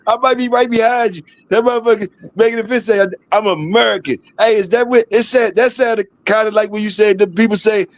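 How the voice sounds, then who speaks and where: A middle-aged man with a Baltimore accent chats casually as a livestream host. His voice sits a bit high, and he talks in a relaxed, laughing, streetwise way. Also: fast talker, few pauses. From DMV area of the US. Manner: laid-back, laughing, streetwise slang. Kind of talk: casual chat.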